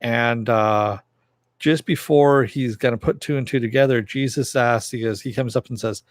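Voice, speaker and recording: A TV episode reviewer recaps an episode casually and ramblingly, with plenty of fillers, at normal speed and fairly even intonation. The clean studio sound has no echo, and his pitch rises whenever he quotes the characters.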